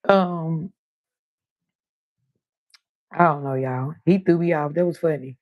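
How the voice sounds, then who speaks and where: A woman's voice: low-pitched, slow pace, lo-fi sound. A woman hosting her own live stream, chatting casually and talking straight to her viewers. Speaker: livestream host.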